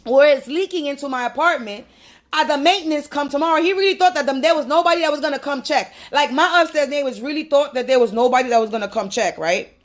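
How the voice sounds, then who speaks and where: A woman's voice: sits high, fast. A woman ranting bluntly and mockingly on a casual livestream from her apartment, talking into a phone. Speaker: livestream host.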